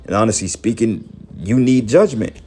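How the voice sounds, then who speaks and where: A man giving heated, profane preaching commentary, scolding his listeners and rising to shouts. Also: fairly low pitch, lively intonation, moderate pace, slightly rough, faint music behind. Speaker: religious commentator.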